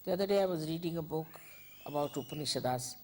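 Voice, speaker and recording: A woman spiritual teacher, giving an informal, unhurried talk with gentle asides. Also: low voice, slight background noise.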